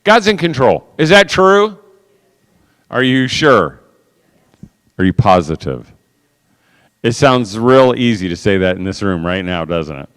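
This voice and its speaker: Animated man speaking in a big hall. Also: on the low side, unhurried, long pauses, clear, resonant tone. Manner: animated, laughing, acting out voices and sounds. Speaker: conference speaker. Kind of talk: storytelling talk to a live audience. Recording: long hall reverb.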